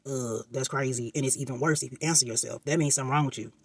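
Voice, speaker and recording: A man's voice: medium pitch, fairly even intonation, slightly rough, no echo, pitched below the performer's own voice. A man doing a dismissive scolding parent. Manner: mocking, dismissive, rapid put-downs.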